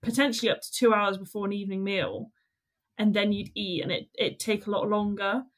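A young woman, a student, co-hosting a podcast in a relaxed, joking, conversational way. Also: mid-range voice, brisk. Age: young adult. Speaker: podcast co-host. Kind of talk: casual chat.

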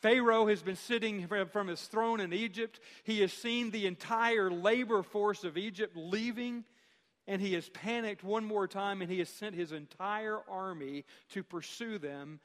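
A man preaching a sermon as pastor, speaking emphatically with dramatic pauses and rhetorical questions. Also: sits high, fairly bright tone, long reverb tail.

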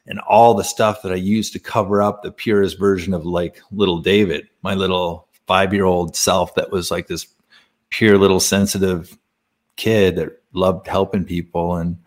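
A man's voice: low-pitched, level tone, moderate pace. A man speaking as a podcast guest, telling a personal spiritual story in a casual, earnest way, laughing often and using many fillers.

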